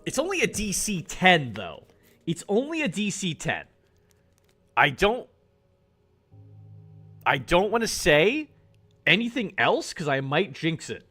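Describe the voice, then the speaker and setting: A male streamer reads a game aloud and reacts to it, cursing when rolls go badly. His voice sits high and bright, and his pitch rises and falls a lot. Faint game music plays underneath. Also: slow, pauses often. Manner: animated, swears at bad rolls. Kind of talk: reading game text and reacting live.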